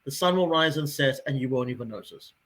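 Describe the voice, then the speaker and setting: A man in his forties on a casual podcast, telling a personal story with lively acted-out dialogue. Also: mid-range voice, quick pace. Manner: animated storyteller who acts out quoted dialogue.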